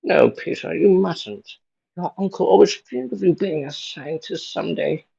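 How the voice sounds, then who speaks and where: A man voicing a frail elderly aunt in a high, quavering falsetto while reading a comic aloud. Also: normal speed, creaky, mellow, husky, lo-fi sound, full character voice. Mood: earnest.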